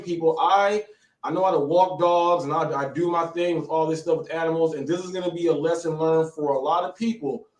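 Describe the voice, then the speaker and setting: A shaken American man talks fast in bursts, stammering and repeating words while he catches his breath. His voice sits a little high and sounds set back from the mic, in an echoey room. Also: far from the mic. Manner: breathless, repetitive, stammering restarts. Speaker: live show host. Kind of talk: excited live-stream storytelling.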